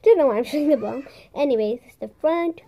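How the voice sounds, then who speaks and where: Bubbly high-voiced young female vlogger. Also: expressive, fast, dark tone. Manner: bubbly, chatty, dips into whispers and playful sound effects. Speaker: vlogger showing squishies and slime. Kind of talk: casual show-and-tell with ASMR bits.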